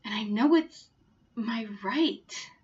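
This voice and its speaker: A woman's voice: a little high, takes it slowly, darkish tone, highs cut off. A woman in her fifties earnestly and indignantly retelling something that happened to her, in a personal storytelling vlog. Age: 50s. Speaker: vlogger.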